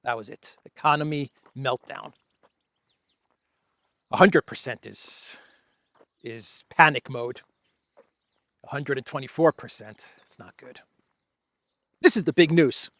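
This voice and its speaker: A man who grew up in Greece, a show host, giving casual solo commentary in a sardonic, drawn-out way with laughing asides, recorded outdoors among trees. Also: medium pitch, a bit bright, dry recording.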